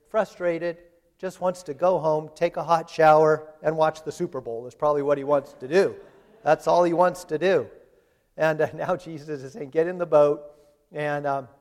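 A man's voice: a little high, darkish tone. A man preaching a sermon in a chatty, conversational way, retelling scripture in everyday voices. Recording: long hall reverb.

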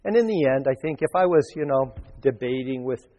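A man's voice: medium pitch, lively intonation, a little fast, dark tone. A male pastor giving a sermon in a conversational, storytelling way, with frequent restarts. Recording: long reverb.

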